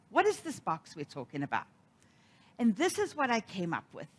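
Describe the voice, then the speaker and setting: Middle-aged woman preacher, animated storyteller with a lively, swooping delivery. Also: fairly high pitch, normal speed. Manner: storytelling, animated, acts out quoted voices. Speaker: minister. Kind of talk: sermon.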